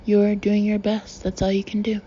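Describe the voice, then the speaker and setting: A woman voicing a gentle, heartsick young man who speaks quietly and earnestly in a measured way. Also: medium pitch, completely flat delivery, dull audio, slight background noise, close to an everyday voice.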